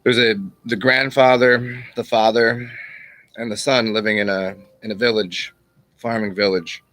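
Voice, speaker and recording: Low-voiced man musing on old parables. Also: level tone, fairly bright tone, no room sound. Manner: rambling and unhurried, with restarts and chuckles. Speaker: channel host. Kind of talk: casual spoken teaching and storytelling.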